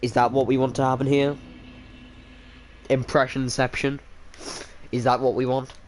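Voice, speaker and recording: A man's voice: mid-range voice, level tone, moderate pace, a little hiss or hum. A man casually commenting while he plays a game, joking at his own expense and chatting with viewers by name. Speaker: streamer. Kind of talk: casual live-stream commentary while gaming.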